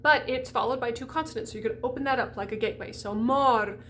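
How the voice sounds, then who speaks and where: A woman's voice: fairly high pitch, very fast, fairly bright tone, a little hiss or hum. Chatty, emphatic woman voice coach. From United States. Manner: chatty, emphatic, demonstrates sounds aloud. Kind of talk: pronunciation lesson for singers.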